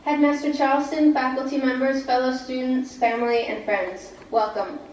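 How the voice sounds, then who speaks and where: An actress playing a young graduate giving a formal speech. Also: female voice, sits high, fairly even intonation, moderate pace, darkish tone, distant mic, muffled recording, slight background noise, lightly acted. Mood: earnest. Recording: echoey TV audio picked up from across the room.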